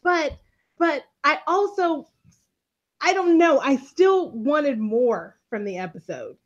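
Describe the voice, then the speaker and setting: Animated high-voiced woman recapping a show. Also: slow pace, highs cut off. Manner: animated storyteller, acts out quotes. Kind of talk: casual TV recap chat.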